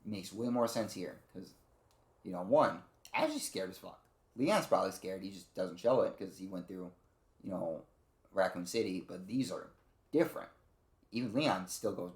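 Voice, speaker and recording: In a low-pitched voice at a moderate pace, a man gives a casual, rambling game review, swearing freely and acting out character lines in quotes. The recording is reverberant.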